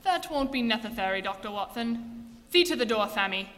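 A man's voice: sits high, expressive, moderate pace, fairly bright tone. An actor playing a menacing male jewel thief gang leader who talks with a lisp, in 1940s radio acting style, on a reverberant old broadcast. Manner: threatening, clipped orders.

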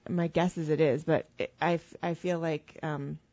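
A woman host with a fairly low voice who asks questions while thinking aloud, often restarting her sentences. The sound is dry and close, with a dull lo-fi quality. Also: steady tone, moderate pace, dark tone, dry recording. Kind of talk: casual interview chat.

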